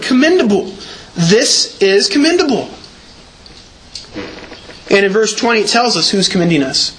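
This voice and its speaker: Pastor, male, high voice, emphatic sermon delivery, slight background noise. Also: sharp tone. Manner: earnest, emphatic preaching with repeated words.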